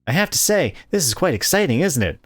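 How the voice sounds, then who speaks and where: A man's voice: on the high side, big pitch swings, quick pace. A man voicing a chipper, forward teenage schoolgirl from a rich family, reading her lines in a perky, teasing way for a game playthrough.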